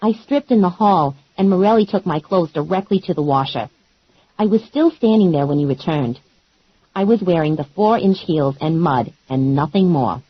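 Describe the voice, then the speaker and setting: A woman narrating an audiobook in first person with a wry, deadpan comic delivery. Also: on the low side, moderate pace, breathy edge, dry recording, highs cut off.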